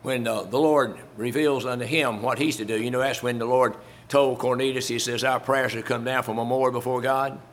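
A man's voice: medium pitch, fairly even intonation, fairly quick, hardly any pauses, slight background noise. A man preaching a sermon in a folksy, conversational way, chuckling as he talks through a Bible story to his congregation.

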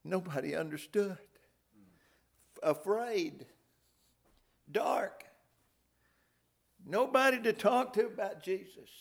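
An older man preaching a sermon in a folksy way, swinging from loud outbursts down to hushed near-whispers. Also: high voice, takes it slowly, creaky, pauses often.

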